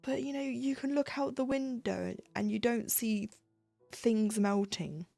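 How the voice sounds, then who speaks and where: Lady chatting while she stitches, bit of fry in her voice, dry sound. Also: on the high side, fairly even intonation, measured pace, dark tone, dry recording, faint music behind. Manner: chatty, ranting, laughs often. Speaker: cross-stitch streamer. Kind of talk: casual chat while stitching.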